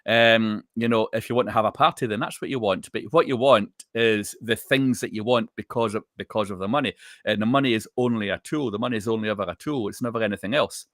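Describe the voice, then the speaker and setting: A man co-hosting a chat show, calmly explaining advice and repeating his points. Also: lowish voice, fast talker, dry recording, studio quality. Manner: calm, explanatory, repeats phrases. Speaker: co-host.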